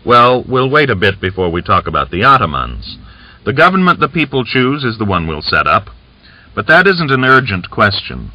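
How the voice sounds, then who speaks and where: A man's voice: medium pitch, sing-song, normal speed, bright, forceful tone, no echo, voice pushed up, full character voice. A man reading aloud, voicing a scheming, boastful Cossack rebel leader who talks with coaxing, smug confidence, on a dull lo-fi recording.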